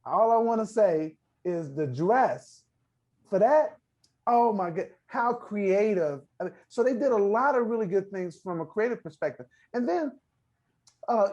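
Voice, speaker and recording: A man hosting a casual movie review roundtable, animated and often restarting his sentences as he thinks aloud. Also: fairly high pitch, highs cut off. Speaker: film critic host.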